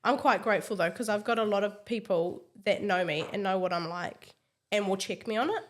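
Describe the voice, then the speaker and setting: A woman's voice: medium pitch, a little fast. A woman with a New Zealand accent, a teacher speaking as an interview guest in a friendly, affirming way. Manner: friendly, affirming, short agreements. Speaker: early childhood teacher, guest. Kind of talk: casual interview answers.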